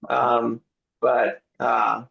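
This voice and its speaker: A middle-aged missionary director who grew up abroad as a missionary kid chats easygoingly in a video-call interview, chuckling often. His mid-range voice is monotone and slightly rough, with drawn-out words and vocal fry. The recording sounds muffled.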